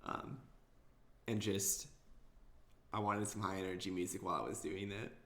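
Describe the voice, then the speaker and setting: A man's voice: deep voice, flat delivery, normal speed, a bit bright, reverberant. A young man co-hosting a casual podcast, laid-back and rambling, full of fillers and easy laughter. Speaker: podcast co-host. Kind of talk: casual chat.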